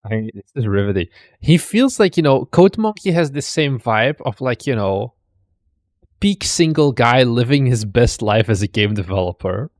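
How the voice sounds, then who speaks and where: A man's voice: mid-range voice, big pitch swings, moderate pace, a little mellow, dry recording, studio quality. A man hosting a stream, casually commenting and teasing as he looks through viewers' desk setups. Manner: chatty, teasing, thinks aloud. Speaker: streamer host. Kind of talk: casual commentary reacting to videos.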